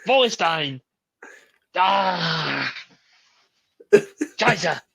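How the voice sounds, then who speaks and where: A man's voice: fairly high pitch, expressive, very slow, creaky, bright, forceful tone, slightly rough, no room sound, voice pushed up, heavily acted, rough recording. A man voicing a flustered German man who barks orders in a put-on German accent. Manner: barked commands, clumsy mock German.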